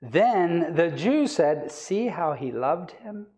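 A man's voice: fairly high pitch, sing-song, takes it slowly, a little mellow. A male evangelist preaching a sermon, reading scripture aloud and then explaining it with rising emphasis.

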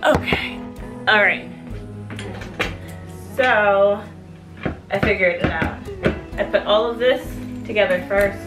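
A woman's voice: mid-range voice, slow pace, pauses often, over music. A young woman vlogging in her apartment, gushing and chatty, with lots of "like"s. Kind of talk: casual vlog chat. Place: her apartment living room. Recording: echoey room.

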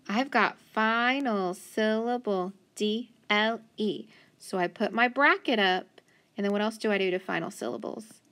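Slow, patient woman teaching phonics. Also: mid-range voice, fairly bright tone. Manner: slow, patient, sounding words out. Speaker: reading teacher. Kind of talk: phonics lesson for children.

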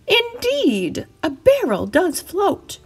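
A woman's voice: very high-pitched, wildly swooping pitch, slow pace, voice pushed up, heavily acted. A woman voicing a bossy, grand male goat who fancies himself a scientist, speaking in a lofty, declaring way. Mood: pompous.

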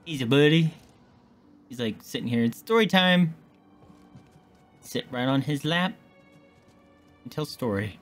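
Excitable swearing male game streamer. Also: mid-range voice, unhurried, pauses often, soft background music. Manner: excitable, swears a lot, jokes at the screen. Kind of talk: casual gameplay commentary.

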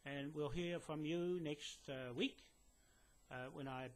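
A man's voice: a little high, slow. A man delivering a direct-to-camera message to a police detective indoors, rambling with many fillers and restarts, insistent and lecturing. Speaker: land claimant addressing a police detective. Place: indoors in a building.

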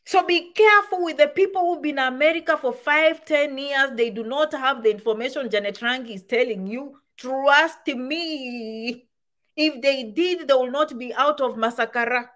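A woman's voice: sits high, normal speed, fairly bright tone. A woman giving casual advice to camera, full of rhetorical questions and repeated points. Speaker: immigration advice vlogger.

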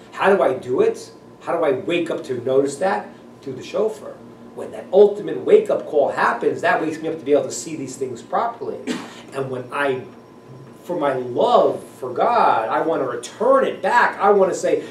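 A male rabbi teaching a class in an animated manner, acting out voices and laughing often. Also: fairly high pitch, normal speed. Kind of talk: class lecture. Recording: echoey room, voice from a distance, faint noise.

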